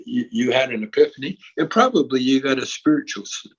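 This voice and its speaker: A man's voice: medium pitch, lively intonation, fairly quick, husky, highs cut off. A man speaking as an interview guest, rambling and reflective, often repeating words as he gathers his thoughts. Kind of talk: casual conversation.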